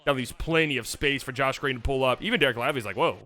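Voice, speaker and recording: A man hosting a basketball channel, breaking down game highlights with playful, joking asides. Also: quick pace, pushed and bright. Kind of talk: game film breakdown commentary.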